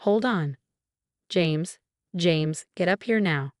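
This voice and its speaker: A woman's voice: fairly low pitch, slow pace, no room sound, clean studio sound. A woman voicing a protective female friend who speaks urgently and sharply.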